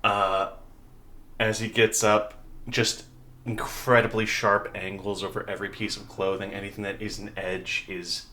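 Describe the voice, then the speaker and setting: A man narrating a tabletop game as game master, in a relaxed, halting way with many pauses. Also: on the low side, a little hiss or hum.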